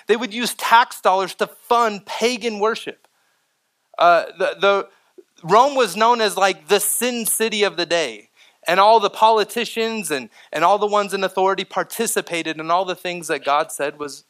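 A man preaching a sermon in a church. His voice is bright and forceful and sits a little high. He keeps it lively, pushing up for emphasis and turning to the congregation with asides. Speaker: pastor. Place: church sanctuary.

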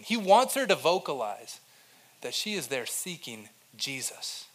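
A man preaching a sermon, his voice sitting somewhat high for a man. He talks to his congregation conversationally, dropping to near-whispers and then rising to stronger emphasis, with pitch that swings widely. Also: sing-song, a little slow. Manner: conversational preaching with shifts between soft and emphatic delivery. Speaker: pastor.

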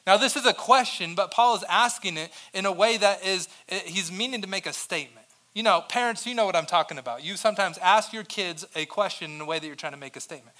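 A male pastor delivering a sermon, his voice sitting high for a man and ringing bright. He preaches in a lively, conversational way, punching key lines loudly and then dropping to quiet asides, with the odd joke for the congregation. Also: fast, hardly any pauses. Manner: energetic, swings between loud emphasis and quiet asides.

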